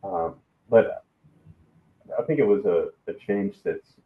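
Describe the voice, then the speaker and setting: A man from the American South with a Southern accent, a podcast guest speaking in a measured, hesitant way with many pauses. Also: on the low side, expressive, recorded from a distance. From Alabama, US South. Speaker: guest, risk management executive. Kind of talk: casual podcast conversation. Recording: tinny phone-like line in an echoey room.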